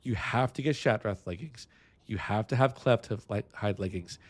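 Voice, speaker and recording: A man's voice: on the low side, moderate pace, breathy edge, no echo. A man from San Antonio, chatting casually on a livestream in a rambling, restless way, swearing freely. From San Antonio, Texas. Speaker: streamer. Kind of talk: casual stream chat.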